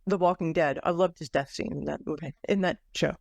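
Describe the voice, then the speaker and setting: A woman's voice: deep voice, fairly even intonation, fairly quick, creaky, no echo. A woman co-hosting a podcast, chatting casually about a book with fillers and restarts. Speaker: podcast co-host. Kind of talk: casual book club chat.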